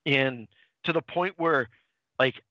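Recapping a comic book story on a podcast he co-hosts, a man rambles with restarts and brings the plot to life by performing characters' lines. He speaks slowly in a mid-range voice, and the sound is dry and lo-fi.

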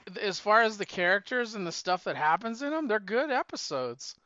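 A man's voice: high-pitched, animated, brisk, bright, forceful tone, dry recording, dull audio. A man in casual podcast chat who talks eagerly and often repeats his first words. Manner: eager, talkative, repeats words when starting.

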